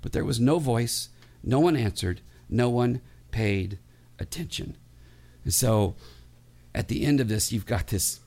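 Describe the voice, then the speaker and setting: A pastor preaching a sermon in a conversational, humorous way, with many restarts. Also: male voice, fairly low pitch, vocal fry, darkish tone.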